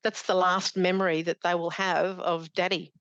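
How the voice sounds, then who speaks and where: A middle-aged woman, a charity founder and podcast guest, speaking in a halting way, with many restarts and fillers. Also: lowish voice, flat delivery, fairly bright tone, dry recording, lo-fi sound. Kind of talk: conversational podcast interview.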